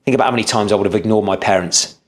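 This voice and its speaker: A man's voice: lowish voice, racing. A man, a podcast guest telling his story earnestly, often restarting and repeating words. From England. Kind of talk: storytelling interview.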